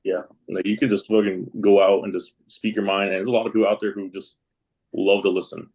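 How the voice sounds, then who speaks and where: A man's voice: low-pitched, little pitch movement, a little fast, darkish tone, husky, rough recording. A man hosting a podcast in a loose, casual way, swearing freely and ribbing his guest. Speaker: podcast host.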